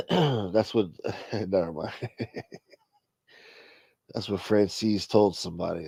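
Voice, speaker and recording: A man's voice: deep voice, measured pace, gravelly, long pauses, dark tone, husky, no echo. A man hosting a live stream, chatting casually with viewers and telling a rambling, profane story.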